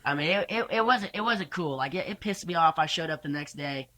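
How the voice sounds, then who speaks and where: A young man, a podcast guest, telling rodeo stories casually with energetic, profane, stumbling restarts. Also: fairly high pitch, brisk, dry recording. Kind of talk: casual storytelling.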